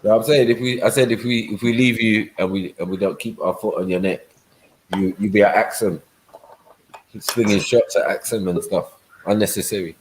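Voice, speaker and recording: Deep-voiced man, slangy banter. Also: fairly even intonation, moderate pace, slight background noise, low-quality recording. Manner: joking, slangy and teasing. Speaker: livestream host. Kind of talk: casual banter on a livestream.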